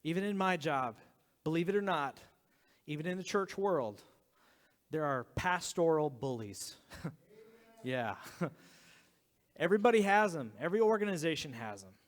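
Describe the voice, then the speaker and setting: A man in his thirties preaching a sermon as a pastor, talking earnestly and dropping to a hushed whisper for emphasis. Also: on the high side, lively intonation, moderate pace, pauses often. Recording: long hall reverb.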